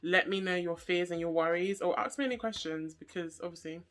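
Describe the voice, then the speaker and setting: A woman in her twenties telling a casual, jokey storytime to camera, chatty and animated, with slang and asides. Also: fairly low pitch, brisk. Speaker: vlogger.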